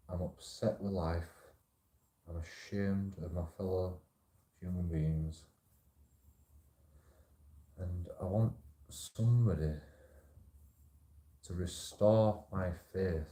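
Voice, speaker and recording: A man's voice: low voice, mellow, roomy sound. A man hosting his own channel, talking in a casual, rambling monologue that repeats phrases, restarts and swears freely. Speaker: channel host.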